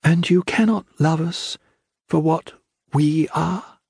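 A man voicing a desperate young daughter who pleads in a high, strained voice. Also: expressive, slow pace, a little mellow, slightly rough, dry recording, clean studio sound, full character voice. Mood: pleading.

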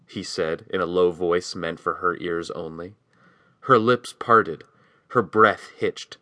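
A man giving steady scripted audiobook narration, reading a novel and voicing its dialogue quietly. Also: sits low, a little slow, no echo.

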